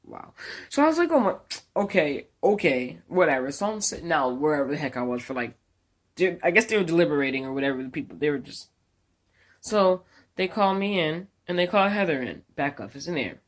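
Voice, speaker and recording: Woman vlogger telling a storytime, swearing a lot, animated and incredulous. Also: deep voice, fairly quick. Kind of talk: storytime vlog.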